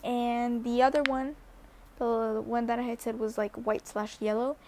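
Young woman, high pitch, casual rambling vlog storyteller. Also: little pitch movement, measured pace, darkish tone, slight background noise. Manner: chatty, rambling, with many fillers and restarts. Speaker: vlogger.

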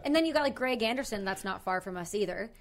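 A woman's voice: medium pitch, over a noisy crowd. A woman from Canada with a Canadian accent, chatting casually and teasing back as a podcast co-host. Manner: lively, quick to tease and protest. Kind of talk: casual chat.

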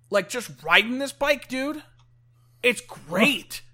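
High-voiced, excitable man chatting casually. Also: slow pace. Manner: excitable, full of "like" fillers. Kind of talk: casual chat.

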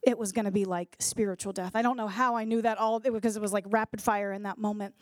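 A woman's voice: mid-range voice, steady tone, fast talker, dry recording, studio quality. A woman and regular co-host giving a casual personal faith testimony, telling it earnestly and vividly with fillers.

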